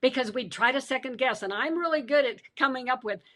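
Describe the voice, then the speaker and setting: A middle-aged woman, an author guest on a podcast, telling her life story with lively quoted voices and frequent laughter. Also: sits high, fast talker. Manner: animated storyteller who acts out quoted voices and laughs often.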